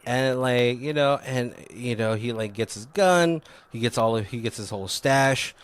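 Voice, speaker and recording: A podcast co-host with a mid-range, clean-toned voice speaks unhurriedly while casually recapping a film's plot. He rambles, saying "like" a lot and swearing often.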